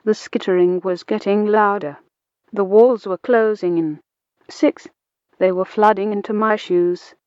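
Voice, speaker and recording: A woman reading a first-person short story aloud in a slow, deliberate way, acting out the quoted lines. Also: medium pitch, steady tone, a little mellow, no room sound. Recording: dull, muffled lo-fi recording.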